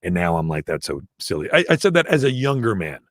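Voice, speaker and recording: A man's voice: low-pitched, very animated, fast, dry recording, studio quality. A man co-hosting a podcast live from home, joking, playful and teasing while reading out fan messages. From Canada. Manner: playful, joking, drops into mock accents. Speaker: podcast co-host. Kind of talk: casual live-stream chat. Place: at home, indoor room. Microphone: webcam or computer mic.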